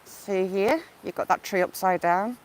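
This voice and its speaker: A woman's voice: mid-range voice, measured pace, rough recording. A woman vlogging a walk along a river, chatting casually and greeting viewers by name as she goes. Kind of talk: casual live-stream walk chat. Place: outdoors by a wooded river. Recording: faint outdoor background noise.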